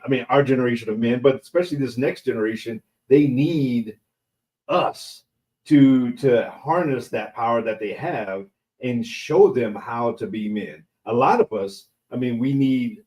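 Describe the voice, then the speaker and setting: Mellow-voiced middle-aged man co-hosting. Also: medium pitch, normal speed, poor audio. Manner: emphatic, restarts phrases while building a point. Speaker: podcast co-host. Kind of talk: casual chat.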